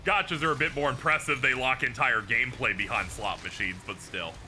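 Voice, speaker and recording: A man's voice: fairly quick, soft background music. A man streaming a game, chatting casually with viewers, laughing and swearing as he talks. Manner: animated, swings between squeaky highs and low mutters. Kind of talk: casual gaming stream chat.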